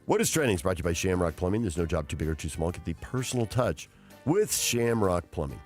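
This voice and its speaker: A man with a fairly low voice hosts a sports talk radio show. He talks about the games with energy and reads the headlines. Faint music plays behind him. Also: sing-song, fast, a little mellow.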